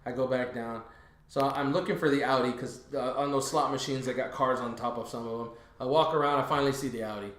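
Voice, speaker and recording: A man co-hosting a podcast, telling a story in a casual, animated way and acting out the quotes. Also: medium pitch, fast. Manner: animated, acts out quotes in a raised voice. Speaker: podcast co-host. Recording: echoey room.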